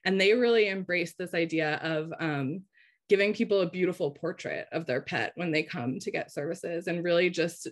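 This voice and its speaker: A woman giving a slide-based webinar presentation in a conversational way, often checking in with the audience. She is losing her voice. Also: low-pitched.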